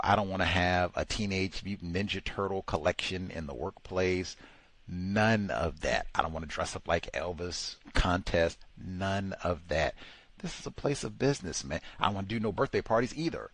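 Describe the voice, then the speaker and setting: A man hosts talk radio in a sarcastic, exasperated and animated way. His voice sits low and the sound is close and dry, with no room around it. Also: dry recording. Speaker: radio host. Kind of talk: casual talk radio commentary.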